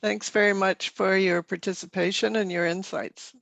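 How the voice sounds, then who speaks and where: A webinar moderator, speaking politely and haltingly with fillers. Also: mid-range voice, steady tone, creaky, fairly bright tone, no echo.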